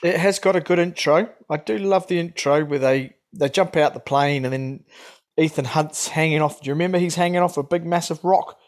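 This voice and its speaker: A man's voice: on the high side, brisk. A man co-hosting a casual film podcast, chatty, laughing often and trailing off with ums. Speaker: podcast co-host.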